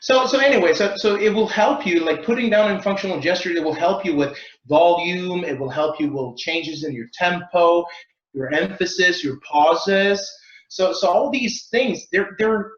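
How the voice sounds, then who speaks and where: Animated man, roomy lo-fi sound. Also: high voice, moderate pace. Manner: lively, playful, acts out mock accents and sounds. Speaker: communication expert guest. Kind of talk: animated interview answers.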